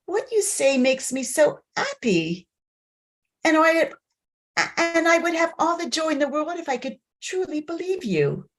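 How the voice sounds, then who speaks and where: Ein schüchternes Bauernmädchen. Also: female voice, high-pitched, very animated, unhurried. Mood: shy. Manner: rustic ungrammatical speech, hesitant. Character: naive young peasant girl, shy and trusting. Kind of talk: play reading. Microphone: video call.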